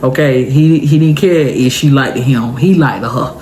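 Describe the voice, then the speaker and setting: A young woman vlogger telling a story to her viewers in a casual, animated and emotional way. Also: very deep voice, a little slow.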